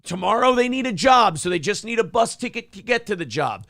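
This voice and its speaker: A man with a high, swooping voice rants on a talk stream, sarcastic and profane, dropping into mocking voices. His tone is gravelly with a creak to it, and the sound is close and dry. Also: very animated, a little fast, dry recording. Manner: loud, sarcastic, swearing, jumps into mocking put-on voices. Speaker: co-host.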